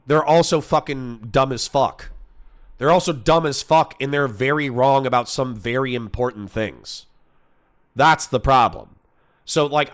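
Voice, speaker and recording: A young man arguing bluntly and profanely in a heated online debate, reading out points and rebutting them quickly. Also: mid-range voice, fairly bright tone. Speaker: debater and streamer.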